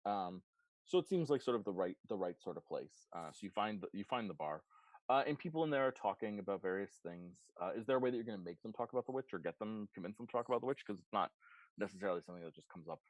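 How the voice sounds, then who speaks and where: A man's voice: fairly low pitch, animated, quick pace, no room sound, rough recording. A man narrating as game master of a tabletop game, loose and rambling, with many ums and restarts.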